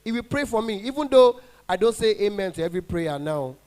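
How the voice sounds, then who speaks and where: A man's voice: high voice, lively intonation, fairly quick, a little mellow. A Nigerian man performing stand-up comedy as an event MC, bantering with the crowd and mixing in pidgin. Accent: Nigerian English. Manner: banters with the audience, mixes in pidgin.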